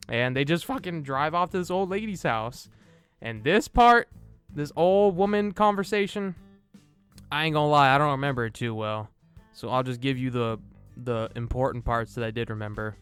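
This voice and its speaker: A man's voice: medium pitch, expressive, moderate pace, a bit bright, smooth, soft background music. A man reviewing a film in a loose, casual way, retelling the plot with swearing and acting out the characters' lines. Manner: loose, profane retelling with laughs and acted-out quotes. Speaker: movie reviewer.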